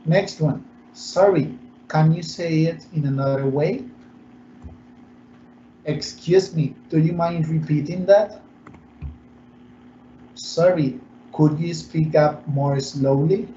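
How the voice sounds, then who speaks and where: A man's voice: on the high side, warm tone, slight background noise. Male English teacher, echoey. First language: Spanish. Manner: explains slowly, switching between English and Spanish. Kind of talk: bilingual online English lesson. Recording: echoey muffled room recording.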